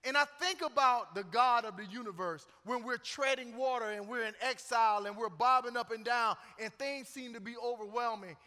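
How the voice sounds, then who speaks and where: A man's voice: extremely high pitch, moderate pace, hardly any pauses, sharp tone. A middle-aged man preaching a sermon as pastor, joking and conversational between emphatic points. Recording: long church reverb.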